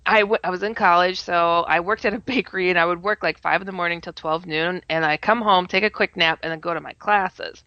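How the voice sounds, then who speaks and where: A woman telling a personal story in casual talk, animated, often laughing and acting out her own quoted words. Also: fairly low pitch, a little fast, few pauses, no room sound. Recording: slightly muffled audio.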